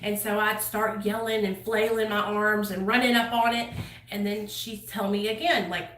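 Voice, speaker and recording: A woman's voice: mid-range voice, little pitch movement, normal speed, a bit bright. A woman telling her own story to camera in a casual, blunt way, swearing freely and using many fillers. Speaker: channel host sharing her recovery story. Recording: echoey room, voice a bit far from mic.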